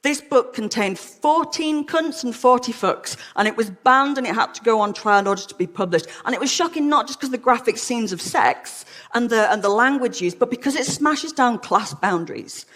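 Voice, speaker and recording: A woman's voice: on the high side, expressive, normal speed, hardly any pauses, fairly bright tone. Frank, witty Englishwoman giving a talk. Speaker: lecturer. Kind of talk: humorous public talk. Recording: long hall reverb.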